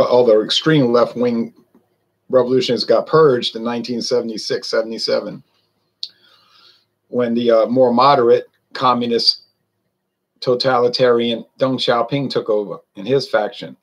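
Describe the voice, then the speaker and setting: A man's voice: mid-range voice, steady tone, normal speed, pauses often, breathy edge. A man talking in a folksy, meandering way, with many fillers, while reviewing a drink on his vlog. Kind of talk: casual rambling monologue.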